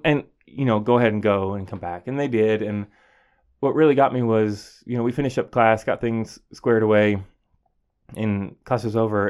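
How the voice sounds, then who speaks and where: A man's voice: lowish voice, darkish tone, dull audio. A man, a teacher, talking earnestly and from the heart about his classroom, with many fillers and restarts. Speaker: podcast host. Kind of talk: reflective personal monologue.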